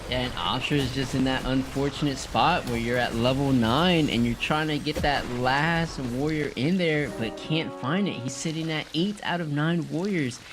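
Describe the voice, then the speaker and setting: A man giving live esports analysis in a steady, explanatory way. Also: mid-range voice, moderate pace, few pauses, music in the background. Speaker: esports caster.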